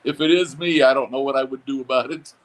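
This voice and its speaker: A man on a phone line in a relaxed chat, chuckling and encouraging. His voice sits at a middling pitch. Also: a little fast. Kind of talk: casual chat.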